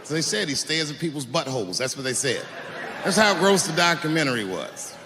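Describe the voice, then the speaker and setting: Man doing standup, loud n swearing, long hall echo, noisy crowd. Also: fairly high pitch, expressive, a little fast. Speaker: stand-up comedian. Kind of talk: stand-up comedy. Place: large venue on stage. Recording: echoey hall with live crowd.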